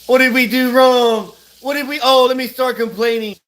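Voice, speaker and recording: A man's voice: very high voice, fairly even intonation, normal speed, fairly bright tone. A man, chatting loosely on a livestream while cooking, drawling, rambling and laughing often. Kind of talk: casual livestream chat. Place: at home, cooking. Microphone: phone. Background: food frying and sizzling.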